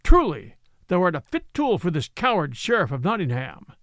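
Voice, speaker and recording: A man's voice: high-pitched, wildly swooping pitch, moderate pace, a bit bright, no echo, studio quality, exaggerated voice. A man voicing a big, grieving outlaw who rails in defiant fury. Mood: furious. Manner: furious and defiant.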